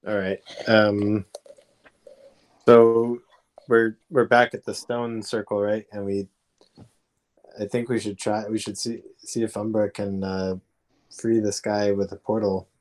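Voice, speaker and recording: A man's voice: fairly low pitch, flat delivery, slow pace, long pauses, darkish tone, low-quality recording. A man player at a tabletop game, talking casually and hesitantly, often restarting his sentences.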